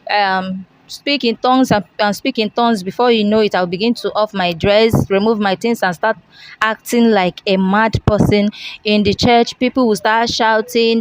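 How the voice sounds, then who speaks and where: A woman's voice: fairly high pitch, steady tone, moderate pace, no echo, rough recording. A young woman, giving a long earnest confession and acting out the dialogue as she tells it. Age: young adult. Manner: storytelling, acts out dialogue, earnest. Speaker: interviewee confessing.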